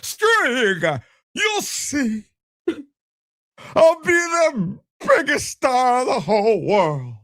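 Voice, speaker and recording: A man's voice: very high-pitched, big pitch swings, takes it slowly, fairly bright tone, no echo, clean studio sound, voice pushed up, heavily acted. A man voicing a whiny, self-pitying grown son who cries out to his mother. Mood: whining. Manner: whining, crying out.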